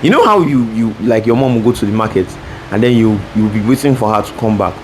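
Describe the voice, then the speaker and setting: A man's voice: lowish voice, animated, fast, rough recording. Hesitant young man in podcast chat. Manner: hesitant, many restarts and fillers. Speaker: podcast co-host. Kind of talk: casual chat. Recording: faint background noise.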